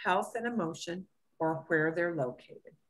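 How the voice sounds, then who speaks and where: A woman teaching a beginner Spanish lesson, slowing down to stress words and checking in with "okay?" often. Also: on the low side.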